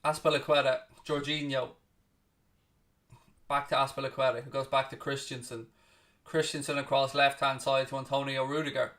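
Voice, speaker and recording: Heard through a distant mic, a man with a medium-pitched, fairly bright voice hosts a live football watchalong. He gives rapid play-by-play naming each pass, stays blunt, swears freely, and snaps back at his chat.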